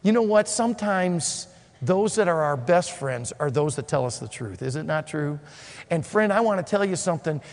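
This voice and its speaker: A man preaching a sermon to ministry students, animated and acting out the dialogue of Bible figures. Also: on the high side, normal speed, creaky, big-room sound.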